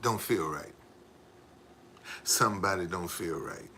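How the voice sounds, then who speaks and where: A man's voice: low voice, slow pace, bright, forceful tone, slight background noise. A man live streaming in a casual, rambling way, repeating himself and talking straight to his viewers. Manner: repetitive, emphatic, addresses viewers directly.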